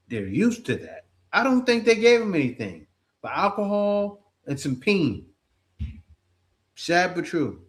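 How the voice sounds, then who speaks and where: A man's voice: high-pitched, sing-song, a little slow. A man hosting a casual chat who reacts to a guest's story and offers blunt opinions.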